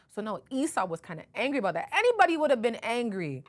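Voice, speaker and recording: A woman's voice: a little high, big pitch swings, quick pace, hardly any pauses. A woman podcast host retelling a Bible story in a casual, emphatic way, often correcting herself. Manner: conversational, self-correcting, emphatic.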